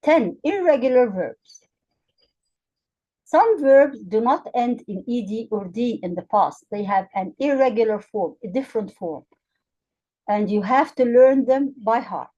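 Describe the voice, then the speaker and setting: Slow, careful female English teacher. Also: fairly high pitch, lively intonation, dark tone, lo-fi sound. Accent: Arabic. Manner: spells out letters and repeats example words slowly and clearly. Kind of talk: slow, deliberate grammar lesson for learners.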